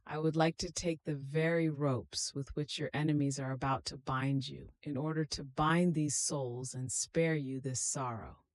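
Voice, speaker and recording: A reader giving a slow, solemn, meditative devotional reading in a prayerful tone. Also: medium pitch, fairly even intonation, dry recording.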